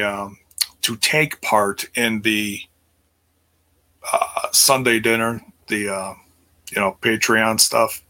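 Casual livestream host, middle-aged man, crisp bright voice, loose and rambling delivery. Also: lowish voice. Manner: rambling, many fillers and restarts.

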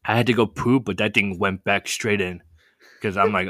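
A young man telling a story in a casual chat, animated and full of fillers. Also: on the low side, moderate pace, no echo. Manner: animated, many "like" fillers, laughs often. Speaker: podcast guest telling a story.

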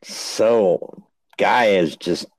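A man's voice: fairly low pitch, very slow, rough recording. A man co-hosting a podcast in easygoing casual chat, laughing and swearing, with a sore throat. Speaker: podcast co-host.

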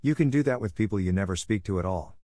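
A man reading an audiobook voicing a proud young girl who speaks calmly, politely and grandly. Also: sits low, fast talker, no room sound, studio quality. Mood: gentle.

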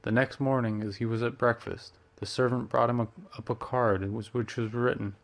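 A man reading a story aloud at a steady, measured pace. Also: mid-range voice. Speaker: narrator.

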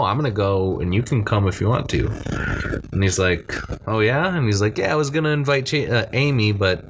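A man's voice: on the low side, slight background noise, poor audio. A man casually retelling a movie's scenes, rambling and swearing as he quotes the characters. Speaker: podcast co-host recapping a movie.

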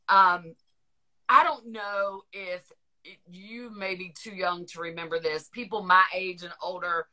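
Middle-aged Southern-accented woman hosting a podcast; bright, chatty, rambling talker. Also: mid-range voice. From Northern Virginia, USA. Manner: chatty, rambling, laughs often. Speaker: podcast host. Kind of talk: casual chat.

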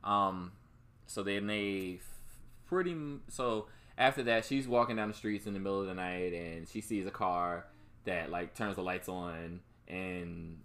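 A man's voice: deep voice, measured pace, fairly bright tone. A man casually recapping a movie plot for a co-host, rambling and swearing, with many fillers and restarts. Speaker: podcast co-host.

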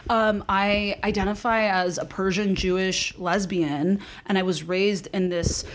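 A young adult woman, a guest life coach, telling her story in a chatty, animated podcast interview and laughing often. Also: medium pitch, measured pace.

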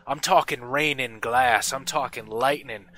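A man voicing a rough-spoken, wary smith who talks in blunt, folksy, ungrammatical speech. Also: mid-range voice, measured pace, pushed and bright. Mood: gruff, insistent.

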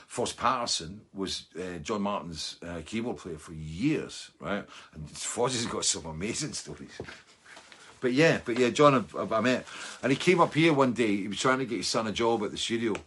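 Husky Scottish man in his sixties. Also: lowish voice, fairly bright tone. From Scotland. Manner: loose and chatty, full of fillers and asides. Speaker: musician hosting a fan Q&A show. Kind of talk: casual rambling chat.

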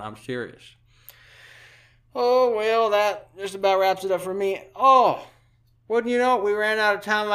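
In a voice a little high and close to his everyday one, a man impersonates a rambling old president who is folksy and off-color, for a satirical speech. The put-on Southern drawl sounds mushy, like his mouth is full, as he wanders into deadpan jokes and asides that trail off.

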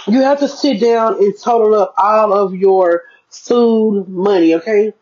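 Chatty mom vlogger, dull lo-fi sound. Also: female voice, medium pitch, measured pace, hardly any pauses, a little mellow, breathy edge. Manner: chatty, talks straight to viewers, keeps checking in. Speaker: parenting vlogger. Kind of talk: casual budgeting vlog.

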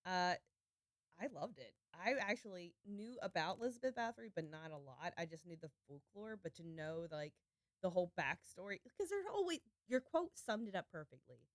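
A woman co-hosts a podcast, quick with a joke. Her pitch moves a lot. The recording is close and dry. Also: animated, no echo. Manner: wisecracking, quick jokes. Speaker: podcast co-host. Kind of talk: casual chat.

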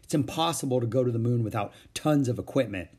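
A man's voice: mid-range voice, lively intonation, quick pace, a little mellow, slightly rough. A man voicing a cautious, bookish young boy who sounds reluctant and worried in a storybook reading. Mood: explaining.

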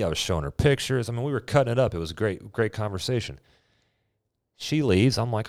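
A man in his twenties casually telling a personal story, animated and acting out the dialogue. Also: lowish voice, fairly quick, dry recording, studio quality. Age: 20s. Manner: animated, acts out quoted dialogue.

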